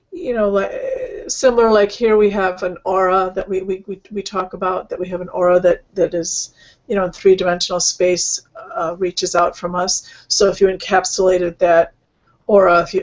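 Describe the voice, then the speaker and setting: A woman hosting an online healing session, speaking gently and rambling, with many fillers and restarts. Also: lowish voice, lo-fi sound. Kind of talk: casual spiritual talk.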